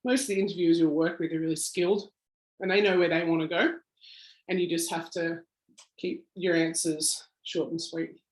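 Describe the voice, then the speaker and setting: A woman's voice: lowish voice, fairly even intonation, normal speed. An Australian woman giving an informal workshop talk, chatty, with lots of fillers and a self-deprecating laugh, heard over a video call. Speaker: workshop presenter. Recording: roomy echo.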